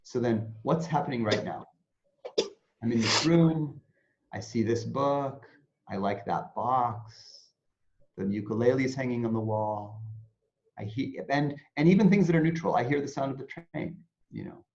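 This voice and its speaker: A man talking as an interview guest about mindfulness, his pitch swinging up and down with lively expression. He explains things conversationally and slips into little acted-out inner voices. The sound is dull and lo-fi. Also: normal speed. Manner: animated, acts out anxious inner voices.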